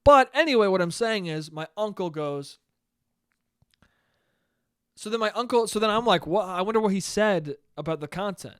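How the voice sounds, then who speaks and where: A young man hosts his own podcast, telling a long story in a loose, profane ramble that keeps flaring into loud disbelief. His voice sits high for a man. The sound is close and dry, with no room around it. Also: expressive, moderate pace, pauses often, clear, resonant tone, no echo. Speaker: podcast host. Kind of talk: solo podcast monologue.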